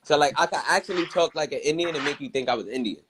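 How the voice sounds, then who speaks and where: A man's voice: fairly high pitch, fast talker, noisy background. A man chatting casually on a live stream, playful and boastful about his knack for impressions.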